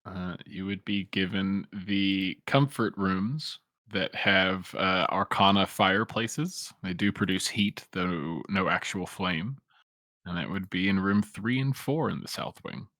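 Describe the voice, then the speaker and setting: A man's voice: sits low, a little slow, bright, forceful tone, dry recording, studio quality. A man running an online tabletop game as game master, explaining rules patiently with lots of filler words.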